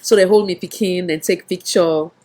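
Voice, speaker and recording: A woman's voice: fairly low pitch, steady tone, moderate pace, dark tone. A woman with a Sierra Leonean Krio accent hosting an online show, talking emphatically in casual Krio-mixed English. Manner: talkative, emphatic, repeats for effect.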